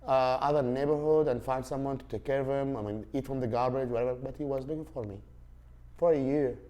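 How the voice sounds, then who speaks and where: A man's voice: mid-range voice, steady tone, brisk, mellow. Rambling man. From Saudi Arabia. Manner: rambling, with many fillers and restarts. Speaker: podcast host. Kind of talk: casual storytelling.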